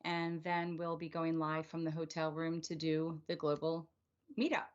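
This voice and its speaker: A woman's voice: monotone, normal speed, clean tone. A woman co-hosting an online show, chatting in a casual, upbeat way. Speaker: co-host. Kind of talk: casual livestream chat. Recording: muffled low-fidelity stream audio.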